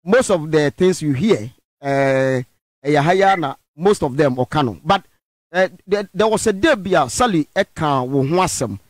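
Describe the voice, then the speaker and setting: A Ghanaian man hosting a radio interview, his voice fairly high. He asks his questions haltingly, stacking fillers and mixing languages. The recording is dry and close. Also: expressive, no echo. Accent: Ghanaian English. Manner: halting, with many fillers and code-switching. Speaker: radio show host.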